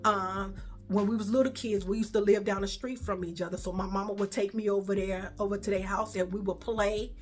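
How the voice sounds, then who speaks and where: A woman's voice: medium pitch, fairly even intonation, a little fast. Chatty woman telling a story. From Chicago. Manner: chatty, repetitive, addresses viewers as y'all and baby. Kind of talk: casual storytime.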